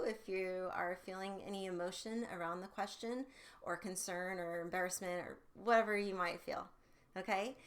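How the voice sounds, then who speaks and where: A woman sexual health educator giving upbeat, conversational parenting advice straight to camera, with casual fillers. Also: medium pitch.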